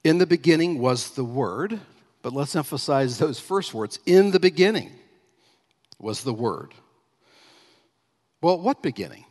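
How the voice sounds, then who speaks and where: A man preaching a sermon as pastor, emphatic, slowing down and stressing key phrases as he reads scripture. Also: medium pitch, animated, darkish tone, in a large hall.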